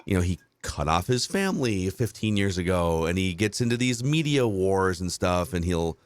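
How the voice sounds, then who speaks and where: A man in his thirties hosts a sports podcast, thinking out loud and circling back to hedge his points. His voice sits on the low side. The sound is dry and close. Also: lively intonation, moderate pace, no room sound. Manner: thoughtful, hedging with many restarts. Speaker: podcast host. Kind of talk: casual sports talk.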